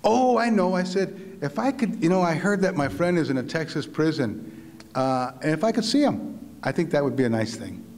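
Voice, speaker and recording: A middle-aged man telling a story to an audience, animated and laughing, acting out other people's voices. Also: on the high side, normal speed. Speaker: visiting writer giving a talk. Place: large hall. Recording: long hall reverb.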